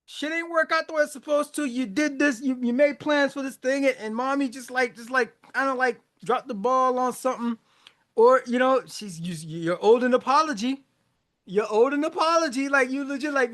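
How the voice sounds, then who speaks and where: A man's voice: extremely high pitch, moderate pace, fairly bright tone. A man hosting a podcast, talking loosely about a song's lyrics, with slang, repeats and frequent laughs. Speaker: podcast host. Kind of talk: casual commentary on song lyrics.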